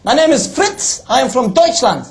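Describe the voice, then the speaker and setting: A man voicing a big, boastful male worker who booms. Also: sing-song, moderate pace, creaky, exaggerated voice. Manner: booming and boastful.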